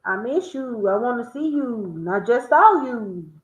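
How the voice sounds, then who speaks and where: A woman's voice: a little high, animated, a little slow. A woman with a Southern American accent hosting a playful word game with friends, teasing and laughing often as she drags out her words. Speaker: host. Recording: echoey room, dull lo-fi sound.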